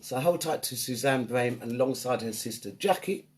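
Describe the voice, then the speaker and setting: A woman's voice: a bass voice, lively intonation, a little fast, a little mellow, slight background noise. A woman hosting a live online radio show, chatting upbeat and greeting listeners by name. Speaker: radio DJ and host.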